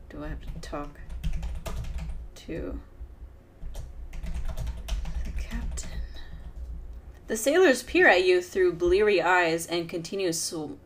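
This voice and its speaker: A woman casually commenting on an old adventure game as she plays and reads its text aloud. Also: fairly low pitch. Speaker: let's play gamer. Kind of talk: casual let's play commentary.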